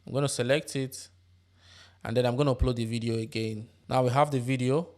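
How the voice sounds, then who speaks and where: A man hosting a tutorial, explaining software steps one by one and checking in with tag questions. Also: medium pitch, fairly even intonation, a little fast. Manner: step-by-step instructive, tag questions. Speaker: tutorial host. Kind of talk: screen-recorded software tutorial.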